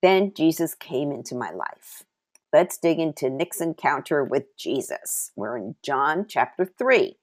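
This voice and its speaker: A woman with a low voice teaching from the Bible in a devotional style. She speaks with an animated, lively delivery and drives her points home by repeating key phrases. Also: measured pace. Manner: personal testimony mixed with scripture reading.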